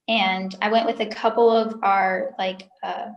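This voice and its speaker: A young woman speaks candidly as an interview guest, emotional and chatty, leaning on frequent filler words. Her voice sits at a middle pitch and carries a noticeable room echo. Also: flat delivery, unhurried, highs cut off. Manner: emotional, talkative, lots of "like" fillers. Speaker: interview guest, former sales recruiter. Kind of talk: candid personal story in an interview.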